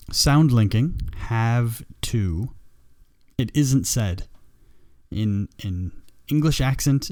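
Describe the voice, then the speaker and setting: A man teaching a live English grammar lesson, patient and slow, repeating example sentences for learners. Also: lowish voice, a little mellow, no room sound, studio quality. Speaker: ESL teacher.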